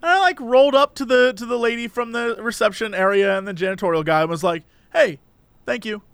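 A young man chatting casually on a podcast, with a high, bright voice. He tells stories with energy and keeps jumping into quick impressions of the people in them. The recording is close and dry. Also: clean tone, dry recording. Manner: animated storyteller who acts out quoted voices. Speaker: podcast co-host. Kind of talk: casual chat. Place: Los Angeles area.

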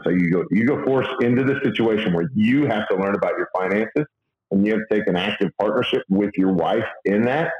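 Earnest man, halting speech, roomy lo-fi sound. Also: fairly low pitch. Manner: halting, many fillers and restarts, earnest. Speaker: guest sharing faith and money advice. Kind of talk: casual conversational talk.

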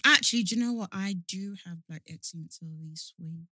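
A young woman chats on her podcast in a bright, forceful voice. She teases her co-host and presses her points by asking the same question again. The sound is close and dry. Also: mid-range voice, fairly quick, no echo. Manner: teasing, emphatic, repeats questions. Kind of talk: casual chat.

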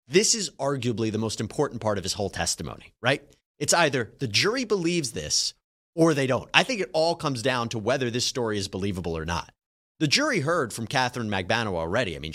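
A man's voice: medium pitch, a bit bright. A man hosting legal news, explaining trial testimony emphatically. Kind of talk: trial analysis commentary.

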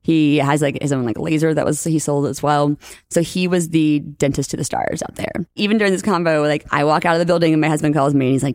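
Animated woman telling stories on a podcast. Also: deep voice, quick pace, no echo, clean studio sound. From New Orleans, USA. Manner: animated storyteller, acts out quotes, laughs often. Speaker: podcast guest, orthodontist. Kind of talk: casual interview chat.

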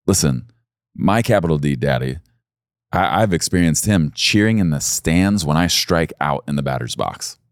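A man's voice: very deep voice, expressive, moderate pace, dry recording, clean studio sound. A middle-aged male pastor preaching a sermon in an earnest, intimate way that swells to emphatic peaks.

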